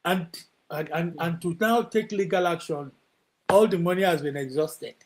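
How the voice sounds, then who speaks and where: A man hosts a casual interview in a high voice, encouraging his guest with short reactions and words of comfort. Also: moderate pace. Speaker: host.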